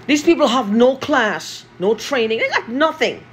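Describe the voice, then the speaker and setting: A woman's voice: fairly high pitch, animated, normal speed, slight background noise. A woman from Guyana, talking in an angry, profane monologue and repeating herself.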